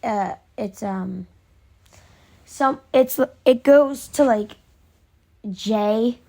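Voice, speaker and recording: A woman excitedly recapping an episode in a casual, rambling way, with many fillers and restarts. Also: a little high, very slow.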